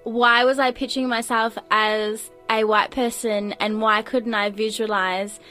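A young woman, a podcast guest, chatting casually and telling lively stories with quick asides. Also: fairly high pitch, soft background music. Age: young adult. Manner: animated, quick storytelling with asides. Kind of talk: casual chat.

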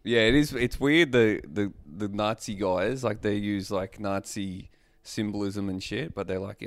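A man's voice: lowish voice, a little slow. An Australian man co-hosting a casual podcast, blunt and sweary, agreeing often.

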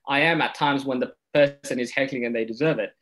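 A man's voice: medium pitch, fast talker. A man who is a comedian, telling a personal story as a podcast guest, acting out what others said. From Ethiopia. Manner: animated storyteller, acts out quotes.

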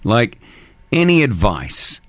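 A man's voice: on the low side, huge pitch swings, takes it slowly, fairly bright tone, no room sound. A man hosting a casual call-in radio chat, talking loosely with lots of fillers. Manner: chatty, loose, filler-heavy. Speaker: radio host.

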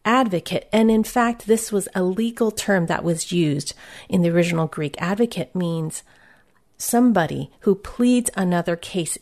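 A woman guides a Christian devotional meditation, speaking very slowly and gently. Her voice sits a little low and stays soothing and reflective, inviting quiet rest. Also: vocal fry.

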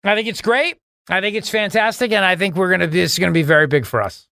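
A male radio host with a fairly high voice who rambles through sarcastic bits and keeps laughing at his own jokes. He is recorded close on a dry studio microphone. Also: fast talker, creaky, pushed and bright, dry recording. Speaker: radio talk show host. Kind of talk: joking radio banter.

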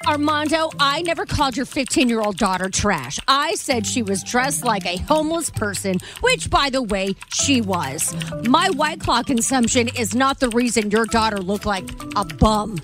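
A woman voicing a loud, defensive young woman, reading sarcastic social media posts in character. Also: fairly high pitch, expressive, moderate pace, music in the background, natural voice.

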